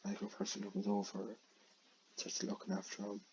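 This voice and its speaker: A man's voice: high-pitched, sing-song, normal speed, gravelly, a little mellow, a little hiss or hum. A man casually retelling a plot in a rambling way, full of fillers and restarts. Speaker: creator retelling his own film idea. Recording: dull lo-fi recording.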